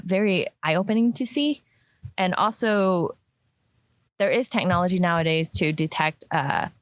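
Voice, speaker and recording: A woman's voice: on the low side, no room sound. A woman, a product designer, talking casually in a discussion, with lots of fillers and restarts. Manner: chatty, many fillers and restarts.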